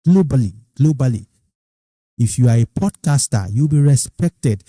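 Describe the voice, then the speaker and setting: A middle-aged Nigerian man hosting a podcast, telling stories in a lively, casual way. He often repeats and restarts his phrases, and he jumps up high when he quotes excited people. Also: moderate pace, no room sound. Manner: animated, quoting others in raised excited tones. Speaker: podcast host. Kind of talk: casual storytelling monologue.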